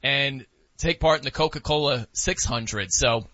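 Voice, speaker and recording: Bright, husky man talking sports. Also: mid-range voice, measured pace, dry recording. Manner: animated, laughing, mimics wrestling announcers. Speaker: sports talk co-host. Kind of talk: casual sports chat. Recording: dull lo-fi dry sound.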